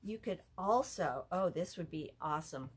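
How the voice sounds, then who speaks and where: A woman's voice: fairly low pitch, lively intonation, moderate pace, breathy edge. A woman leading a live craft lesson from an art center office, chatty and easily amused. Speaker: art instructor.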